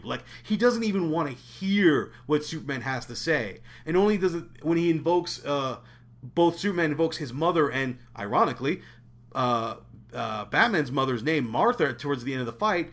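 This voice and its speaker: A man co-hosting a casual podcast about a film, talking with animated stops and restarts. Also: fairly high pitch, moderate pace. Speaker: podcast co-host.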